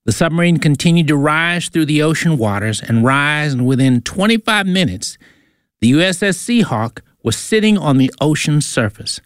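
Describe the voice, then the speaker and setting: A man's voice: on the high side, animated, moderate pace, dry recording, clean studio sound. A man telling a religious story in earnest, devotional narration.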